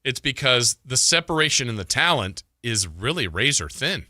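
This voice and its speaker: Bright, dry-voiced sports radio host. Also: male voice, medium pitch, big pitch swings, moderate pace, no echo. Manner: conversational, thinks aloud with fillers and restarts. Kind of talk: sports talk radio commentary.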